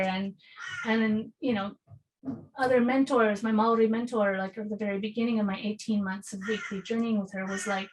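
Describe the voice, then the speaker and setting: A woman's voice: mid-range voice, moderate pace, slight background noise, poor audio. A woman guest on a podcast telling a vivid story in casual talk, acting out the voices of others and swearing freely. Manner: animated, acts out dialogue, casual swearing. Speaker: podcast guest, spiritual healer.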